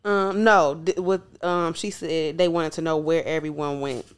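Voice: medium pitch, steady tone, a little slow, clear, resonant tone. A co-host, recapping an episode in laid-back casual chat. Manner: laid-back, laughs often. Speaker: podcast co-host.

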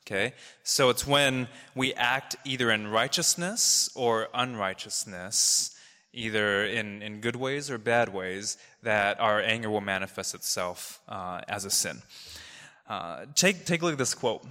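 A man's voice: lowish voice, measured pace, sharp tone. A man giving a conversational sermon to a congregation, loose and chatty with frequent fillers. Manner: conversational, laughing, many fillers. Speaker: preacher. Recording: hall reverb.

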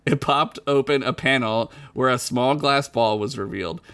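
A man's voice: mid-range voice, normal speed, gravelly, fairly bright tone, clean tone. A man hosting a podcast, reading his own comedic fantasy story aloud in a playful, giggly way. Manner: giggly, playful, breaks into laughter.

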